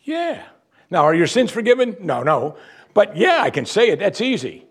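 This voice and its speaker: A pastor preaches an expository sermon conversationally, acting out quotes from the text. His slightly rough voice sits high, swings hugely in pitch, and moves at a moderate pace.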